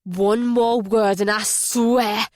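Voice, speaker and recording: A woman's voice: mid-range voice, slow, noisy background, lightly acted. A woman voicing a cold, vengeful woman holding someone at gunpoint in an audiobook thriller. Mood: menacing. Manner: threatening, cold. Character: hard, vengeful young woman with a gun.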